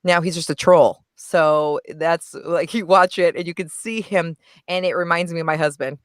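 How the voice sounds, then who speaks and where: A woman's voice: low-pitched, no echo, clean studio sound. A woman guest on a podcast, chatting frankly and animatedly about a movie and laughing often. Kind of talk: casual movie review chat.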